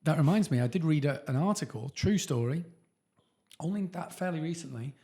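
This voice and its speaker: Chatty man with a lively laugh. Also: a little high, brisk. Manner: chatty storyteller, laughs often, swears casually. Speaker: podcast co-host. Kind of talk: casual chat.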